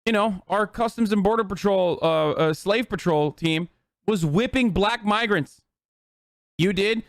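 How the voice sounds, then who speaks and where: A man's voice: high-pitched, unhurried, no room sound, studio quality. A man streaming political commentary, ranting to his live chat in a heated, profane way.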